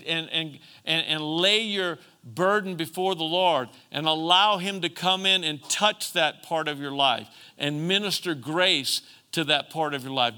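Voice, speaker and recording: Bright-voiced preaching pastor. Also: male voice, a little high, a little slow, hardly any pauses, clean tone. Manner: preachy call-and-response, rising to emphatic then softening. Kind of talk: sermon.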